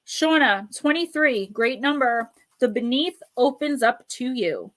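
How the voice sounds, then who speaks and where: A fairly high-pitched woman chatting casually on a live stream as she gives oracle card readings to viewers. She talks to them by name in an affectionate, easygoing way and slips into a slow, soothing delivery when reading card messages aloud. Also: animated, a bit bright.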